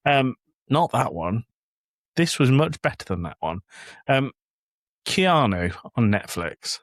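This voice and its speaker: Lively man telling a story. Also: mid-range voice, slow, no echo, studio quality. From England. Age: adult with a young child. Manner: animated storyteller, acts out quotes. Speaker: podcast host. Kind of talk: casual chat.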